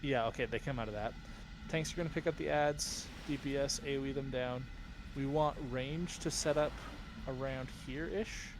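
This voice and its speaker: A man's voice: medium pitch, normal speed, noisy background. A man leading a game raid over voice chat, explaining tactics step by step with many uhs and ums. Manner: instructive, with frequent uh and um. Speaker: raid leader.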